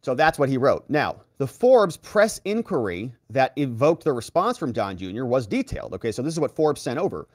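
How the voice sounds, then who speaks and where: A man's voice: medium pitch, brisk, few pauses, no room sound, clean studio sound. A man hosting legal commentary, retelling court testimony in a casual, sarcastic way and acting out the quotes. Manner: animated, sarcastic, acts out quotes in voices.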